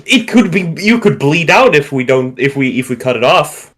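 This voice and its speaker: A man's voice: a little high, big pitch swings, normal speed, a bit bright. Chuckling man chatting on a livestream. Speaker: livestream co-host. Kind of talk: casual chat.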